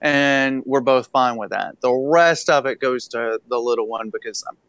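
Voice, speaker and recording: A young adult man co-hosting a casual chat, relaxed and chiming in with easy reactions. His voice is smooth and resonant. The sound is dry and close, with no room echo. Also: mid-range voice, normal speed. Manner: laid-back, chiming in with short reactions. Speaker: co-host.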